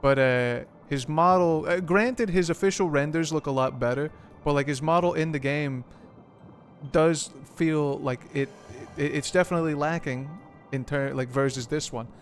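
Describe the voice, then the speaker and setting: A man's voice: on the high side, moderate pace, soft background music. Rambling, foul-mouthed streamer guy. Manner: rambling, profane, joking. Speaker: game streamer. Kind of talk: casual stream commentary.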